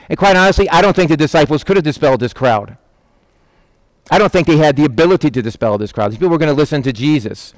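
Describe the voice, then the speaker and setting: A middle-aged man, a pastor, giving a lively conversational sermon and acting out quotes in passing. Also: fairly high pitch, fast, no room sound. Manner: animated, conversational preaching with acted-out quotes.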